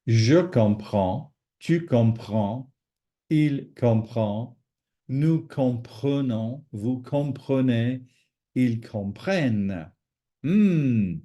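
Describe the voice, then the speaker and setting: Slow, mellow-voiced male French teacher. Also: medium pitch, lo-fi sound. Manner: patient, explains slowly with repeated conjugations. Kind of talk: recorded language lesson.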